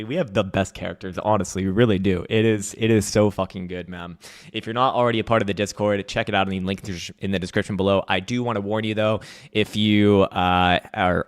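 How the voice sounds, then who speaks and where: A man hosting a casual livestream market update at home, reading chat with profane jokes and frequent laughs. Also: on the low side. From United States. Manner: profane, joking, laughs often. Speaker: host.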